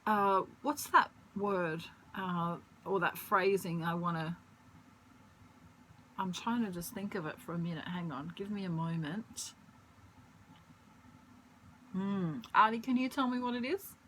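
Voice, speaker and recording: A woman giving a casual tarot reading at home, chatty and rambling, pausing to search for words and laughing often. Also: mid-range voice, a bit bright, a little hiss or hum, low-quality recording. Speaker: tarot reader. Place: at home, pet bird nearby.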